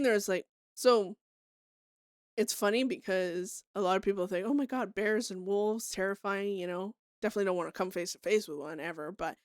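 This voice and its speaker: Young woman streamer from Canada, light high voice, loose laughing chatter with plenty of swearing, close dry mic. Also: dry recording. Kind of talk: casual chat to stream viewers.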